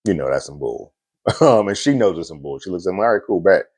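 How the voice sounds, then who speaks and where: Low-voiced man recapping an episode. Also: sing-song, fast, darkish tone, breathy edge, no room sound. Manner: loose and conversational, frequent fillers and little laughs. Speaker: TV episode reviewer. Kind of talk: casual recap and review.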